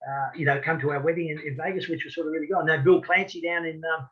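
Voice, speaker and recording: Australian male guest, slightly high voice, friendly rambler, dull lo-fi phone sound. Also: steady tone, rapid-fire. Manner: friendly, rambling, many restarts, says mate. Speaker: boxing referee, guest. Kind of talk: casual interview chat.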